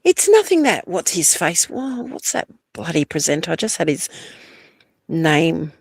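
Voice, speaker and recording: A woman's voice: low voice, big pitch swings, a little slow, gravelly, breathy edge, no echo, clean studio sound. A woman co-hosting a livestream, chatting casually with lots of laughs and rambling asides. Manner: giggly, rambling, slangy. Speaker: livestream co-host. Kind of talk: casual chat.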